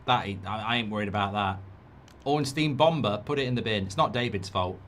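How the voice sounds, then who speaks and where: A man's voice: on the low side, fairly quick, a bit bright, slight background noise. A man hosting a football watchalong, talking in a sarcastic, blunt, rambling way. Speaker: host.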